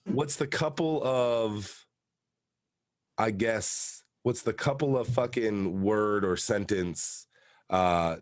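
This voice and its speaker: Podcast host, male, middle pitch, emphatic and casual, dry booth sound. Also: slow, dry recording. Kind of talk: casual chat.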